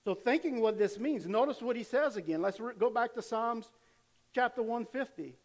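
Casting: older male pastor, high-pitched, animated sermon, church hall echo. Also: normal speed. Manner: animated preaching, acts out cheering fans.

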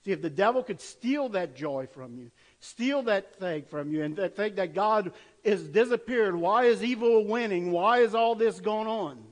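A man's voice: high-pitched, animated, moderate pace, low-quality recording. A man preaching a sermon in an earnest, conversational way, asking rhetorical questions of his listeners. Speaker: pastor.

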